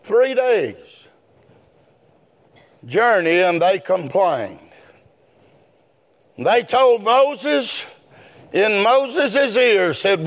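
A man preaching a sermon, rising into chanted shouts. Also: high voice, lively intonation, drawn-out words, long pauses.

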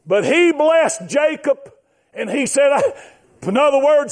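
High-voiced preacher man shouting. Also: expressive. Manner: fervent, shouting, drawn-out emphatic phrases. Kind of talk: sermon.

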